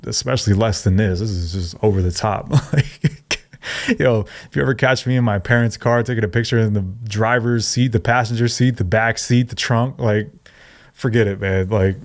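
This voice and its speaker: Low-ish guy dunking on clips, blunt and mocking, laughs a lot. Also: darkish tone. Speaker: reaction video host. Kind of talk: casual commentary.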